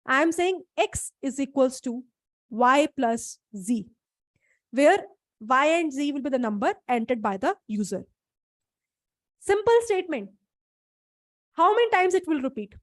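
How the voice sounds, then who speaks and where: This instructor, a woman with a high voice, teaches a live online class in an animated way at a moderate speed with frequent pauses. She breaks every point into steps and regularly checks that the students understand. The recording sounds close and dry, free of any room reverb.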